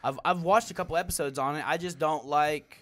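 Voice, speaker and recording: A man's voice: fairly high pitch, fairly quick, fairly bright tone. A young man hosting a casual podcast chat, rambling and dropping "like", "bro" and "dude" all the time. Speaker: podcast host.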